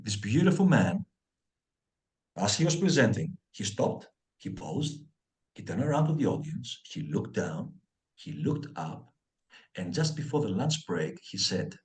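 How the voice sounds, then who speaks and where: A man's voice: fairly low pitch, a little slow, long pauses. A middle-aged man from Greece, a guest on an interview podcast, telling his life story with lots of fillers and acted-out dialogue. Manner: animated storyteller acting out dialogue, many fillers.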